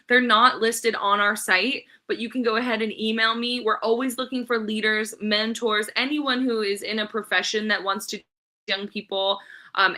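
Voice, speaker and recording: A woman guest on a podcast talking in a casual, upbeat and eager way, rattling off her contact details quickly. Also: on the high side, bright, forceful tone. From Southern California. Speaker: podcast guest, nonprofit founder. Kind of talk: casual interview chat.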